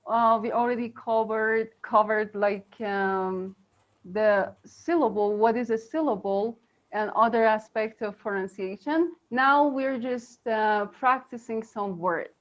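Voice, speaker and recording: Woman co-host for a live pronunciation lesson, higher voice, unhurried, halting delivery, muffled stream audio. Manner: slow, halting, many fillers. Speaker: co-host English teacher. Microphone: video call.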